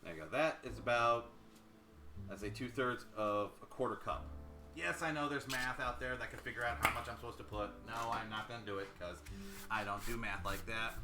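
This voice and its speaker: A man chatting casually with his viewers while he cooks on a live stream, rambling as he measures ingredients. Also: mid-range voice. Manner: rambling, chatty, talks to chat while cooking.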